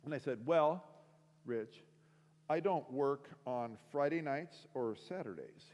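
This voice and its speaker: A man gives a storytelling talk and acts out each voice in his story with lively energy. His middle-pitched voice carries a long hall reverb. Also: slow pace. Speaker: speaker. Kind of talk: storytelling sermon.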